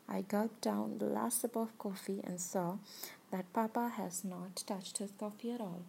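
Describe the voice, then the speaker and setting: A woman's voice: mid-range voice, fairly even intonation, measured pace, vocal fry, dark tone, a little hiss or hum, poor audio. A woman reading a first-person story in an intimate, confessional way. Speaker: story narrator.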